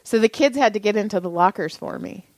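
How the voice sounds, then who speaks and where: An animated woman in her thirties spins a family tale on a podcast, breaking into laughter and acting out each quoted voice. Her voice sits in a middle range and the sound is close and dry, with no room echo. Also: medium pitch, fast. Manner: animated storyteller, laughs often, acts out quotes. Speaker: podcast co-host. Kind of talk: casual chat.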